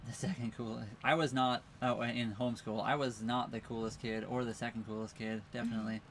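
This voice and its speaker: A man's voice: medium pitch, flat delivery, brisk, a little hiss or hum. A man hosting a casual livestream from his sailboat at a marina, rambling easily and reading viewer comments aloud. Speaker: live stream host. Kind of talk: casual live stream chat.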